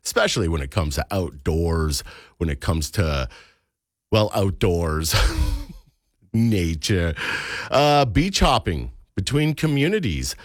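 Lively radio host. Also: male voice, deep voice, slow, dry recording, studio quality. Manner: lively, playful, jumps into mock voices. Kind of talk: casual radio chat.

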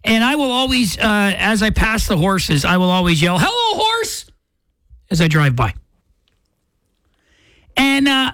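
A male morning-show host rambles in a self-deprecating way, restarting his sentences as he goes. His pitch moves a lot, and the studio mic gives a close, dry sound. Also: fairly bright tone, no echo. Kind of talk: casual radio chat. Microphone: studio microphone.

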